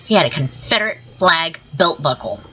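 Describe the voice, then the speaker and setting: A woman's voice: sits low, animated, normal speed, sharp tone, breathy edge, lo-fi sound. A woman from the southern United States, ranting her opinions in a vlog, blunt and profane, laughing often between points. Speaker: vlogger. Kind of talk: opinion rant to camera.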